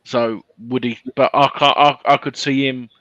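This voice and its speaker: A man's voice: medium pitch, fairly even intonation, normal speed, a bit bright, no echo. A man co-hosting a casual fan podcast, giving blunt, firm opinions with stammered starts. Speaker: podcast co-host. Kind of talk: casual chat.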